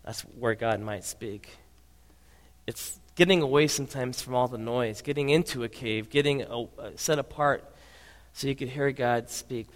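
A man preaches a sermon from the pulpit at a middle pitch. His delivery swings between hushed low passages and raised emphatic ones. The sound carries a long, roomy church reverb. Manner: dynamic preaching, drops to soft low tones then rises. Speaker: pastor. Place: church sanctuary. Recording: reverberant hall.

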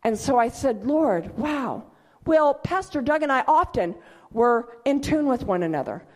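A woman pastor telling a personal testimony in an animated storytelling way, acting out the voices of people she quotes. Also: sits high, moderate pace.

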